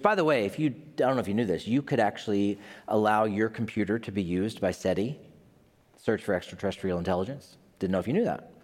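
A man's voice: fairly low pitch, a little mellow. A male pastor preaching a sermon, telling a story with playful asides. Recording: long hall reverb.

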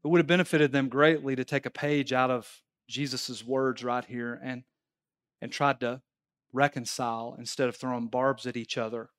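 A male pastor preaching a sermon at a church service, telling stories and pressing his points emphatically. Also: mid-range voice. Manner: animated, emphatic storytelling preacher.

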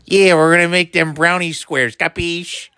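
A chirpy woman TV cook with a broad, exaggerated accent , as a man puts her on. Her voice sits a little higher than usual and is recorded dry, with no room echo. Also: fairly even intonation, normal speed, pushed and bright, smooth. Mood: mocking. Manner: exaggerated, playful mimicry.

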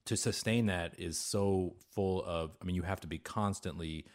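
A man who is a guest on a podcast, talking casually in a wry, opinionated way. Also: deep voice. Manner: fast, talkative, wry and opinionated. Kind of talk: casual conversation.

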